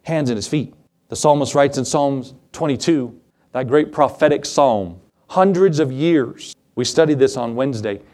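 A man preaching a sermon to his congregation, animated, acting out Bible scenes in quoted voices. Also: medium pitch, moderate pace. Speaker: pastor.

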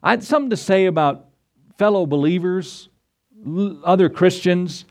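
A man's voice: high-pitched, normal speed, darkish tone. A man preaching a sermon as pastor, retelling scripture in a folksy way and asking his congregation rhetorical questions. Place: church.

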